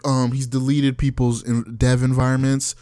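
A young man, a software developer, telling a work story in casual chat. He is animated and profane, laughs often and acts out the people he quotes. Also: medium pitch, moderate pace, no echo, studio quality. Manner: animated, laughs often, breaks into cackles mid-sentence.

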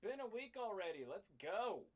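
A man's voice: sits high, big pitch swings, moderate pace, voice pushed up. A man voicing an impatient, whiny listener who mutters complaints from the back. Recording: quiet and far from the mic.

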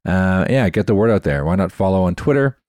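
A man hosts a tech podcast in a casual, explanatory way. His voice sits very low, recorded dry with no room sound. He often stops to spell a word out letter by letter. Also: expressive, brisk, darkish tone, no room sound. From Canada. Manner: chatty, spells words out letter by letter. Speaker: podcast host.

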